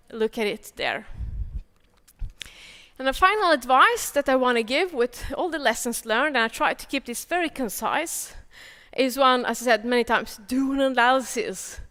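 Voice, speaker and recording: A woman giving a technical conference talk, speaking as an energetic, chatty presenter handing out advice. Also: fairly high pitch, smooth, in a large hall. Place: large conference hall.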